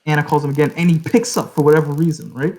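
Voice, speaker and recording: A man's voice: on the high side, very fast, a little mellow, rough recording. A young man tells a long story on a podcast. He rambles loosely and keeps checking in with "right?" as he goes. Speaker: podcast host. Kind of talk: casual storytelling.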